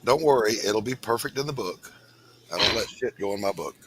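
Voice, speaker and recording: A man's voice: lowish voice, brisk, background noise. A man, a comic book artist, chatting laid-back on a livestream while he draws, often muttering. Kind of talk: casual livestream chat.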